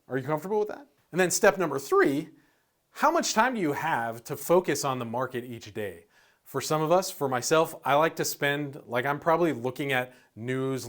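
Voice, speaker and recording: A man hosting an investing channel, explaining in a casual, chatty way with lots of "um" and the odd "dude", sometimes acting out nervous investors. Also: medium pitch. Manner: laid-back, chatty, uses "um" and "dude"; acts out worried investors in lively asides.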